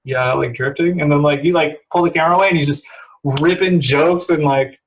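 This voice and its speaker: A man's voice: fairly high pitch, fairly even intonation, brisk, low-quality recording. A young man from the San Francisco area, a podcast guest telling rambling stories full of laughter and fillers. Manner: rambling storyteller, laughs often, many likes. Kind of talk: casual chat.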